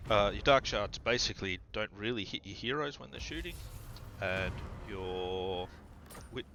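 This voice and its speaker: A man with a low, gravelly voice talks through his strategy game in a loose, rambling way. Steady noise hums under his recording. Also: measured pace. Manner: relaxed, rambling, filler-heavy. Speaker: gaming channel host. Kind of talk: gameplay commentary.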